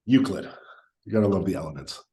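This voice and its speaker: A man in his thirties, a mathematician, giving quick decisive answers in an interview and sometimes thinking aloud with pauses. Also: low-pitched, animated, warm tone. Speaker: guest, mathematician. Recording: roomy, echoey sound.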